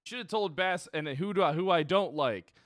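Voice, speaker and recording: A man's voice: high-pitched, moderate pace, a bit bright, no echo, clean studio sound. A young man streaming a police role-play game, chatting casually to his viewers and rambling with plenty of swearing and laughter. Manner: rambling, profane, laughs often.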